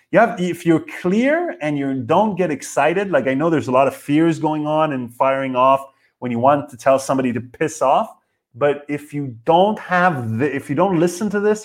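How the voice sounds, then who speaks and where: A male comedian riffs through a casual podcast monologue at a middling pitch. He is animated and profane, piling up rhetorical questions. He jumps from loud bursts to near-mumbled asides. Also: normal speed.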